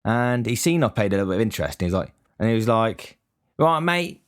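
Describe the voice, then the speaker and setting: A young man telling a rambling, sweary story in a casual, deadpan complaining way. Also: fairly low pitch, rapid-fire, clean tone.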